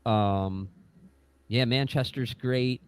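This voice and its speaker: Casual halting man, podcast guest. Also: medium pitch, crowd noise. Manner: halting, many repeated restarts, swears casually. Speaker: musician guest. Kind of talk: casual chat.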